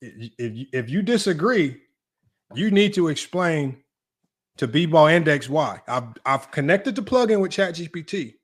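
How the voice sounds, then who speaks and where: A man hosting a sports debate livestream, talking brashly and teasing his chat in quick casual commentary. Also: fairly high pitch, sing-song. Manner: brash, rapid, teasing, talks straight to chat. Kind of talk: casual live-stream commentary.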